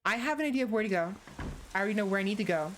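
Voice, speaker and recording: A woman's voice: mid-range voice, animated, racing, slight background noise, poor audio. A woman streamer talking casually to her viewers while she plays a game. She rambles, corrects herself and greets viewers by name. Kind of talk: casual live-stream gaming chat.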